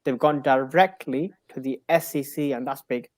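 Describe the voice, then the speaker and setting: A man's voice: medium pitch, fairly even intonation, a little mellow, no echo. A man in casual podcast chat, hesitant and restarting his sentences. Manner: hesitant, restarts, quick agreement. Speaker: podcast co-host.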